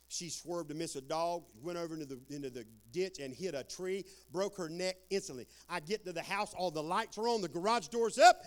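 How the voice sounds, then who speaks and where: A man preaching a sermon, telling stories with dramatic swings from hushed to loud. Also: a little high. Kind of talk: sermon with storytelling.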